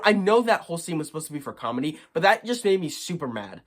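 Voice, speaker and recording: Animated young man with a higher voice. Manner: animated, indignant, quick to get worked up. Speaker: movie reviewer. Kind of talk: casual movie review rant.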